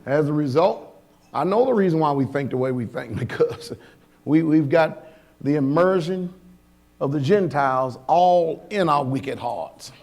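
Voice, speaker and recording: High-voiced preaching man. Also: lively intonation, unhurried. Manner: preaching with swings from low asides to loud shouting; colloquial, conversational preaching with rhetorical questions. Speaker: pastor. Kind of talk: sermon.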